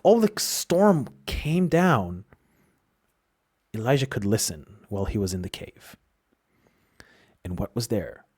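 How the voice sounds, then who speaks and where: A man's voice: on the low side, a little mellow. A man hosting a solo podcast, talking in a reflective, explanatory way with frequent restarts. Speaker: podcast host.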